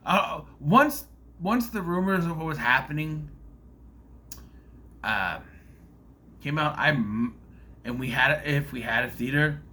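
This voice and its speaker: Lively bright-voiced man rambling a review. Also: medium pitch, slight background noise. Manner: rambling, animated, self-interrupting. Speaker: video reviewer. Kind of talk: casual movie review monologue.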